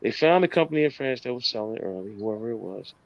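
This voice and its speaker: A man's voice: medium pitch, animated, quick pace, creaky, lo-fi sound, crowd noise. A man co-hosting a podcast, telling stories in a chatty, casual way. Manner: storytelling, chatty. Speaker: podcast co-host. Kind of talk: casual chat.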